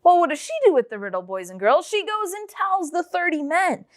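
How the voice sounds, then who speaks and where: Animated woman telling kids a Bible story. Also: very high voice, a little fast. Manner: animated, addresses the kids directly. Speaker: children's church teacher.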